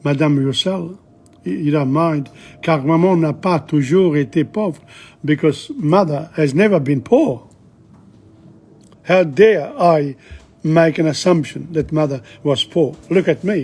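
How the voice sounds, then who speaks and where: A man teaching a language lesson, reading a dialogue line by line and translating it, chatty and halting with frequent asides. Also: on the high side, darkish tone, husky.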